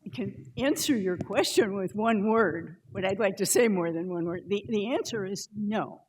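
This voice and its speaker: A woman guest speaker answering a question in a deliberate, considered way. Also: medium pitch, a little hiss or hum, poor audio. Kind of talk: lecture answer.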